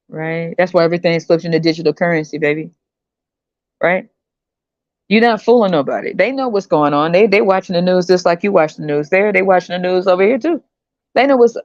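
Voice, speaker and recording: A woman's voice: fairly low pitch, a little mellow, dry recording. Brief: woman podcast host, blunt and mocking commentary, dull lo-fi sound with a dry close feel. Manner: blunt, profane, mocking, laughing. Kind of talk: casual commentary monologue.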